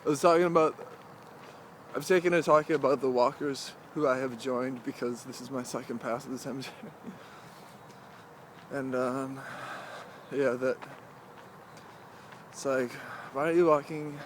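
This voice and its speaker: A young man in the middle of his voice range rambles to the camera while strolling outdoors. His talk is halting and loose, full of "like"s and half-finished thoughts, with a light wash of distant traffic behind him. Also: medium pitch, steady tone. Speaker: vlogger. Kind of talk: casual walking vlog monologue. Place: outdoors, walking through a cemetery.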